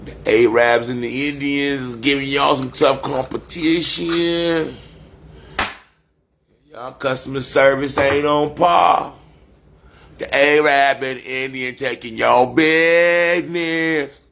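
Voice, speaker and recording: A man's voice: medium pitch, fairly even intonation, takes it slowly, gravelly, fairly bright tone, slight background noise. A man, rambling profanely and boastfully on a casual livestream. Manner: loose, profane, boastful street talk.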